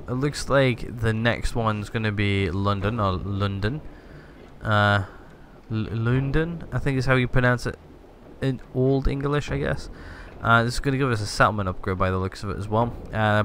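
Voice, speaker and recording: A man's voice: fairly low pitch, normal speed, fairly bright tone, slight background noise. A man casually commenting on his gameplay, rambling with many fillers and hesitations. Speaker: gaming video host. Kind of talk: casual let's-play commentary.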